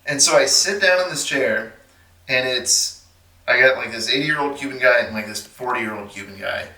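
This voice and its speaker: A man's voice: mid-range voice, normal speed, reverberant, far from the mic. A man from Texas telling a story as a podcast guest, animating it by acting out the voices of people in it. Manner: animated, acts out the voices of people in his stories. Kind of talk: casual storytelling.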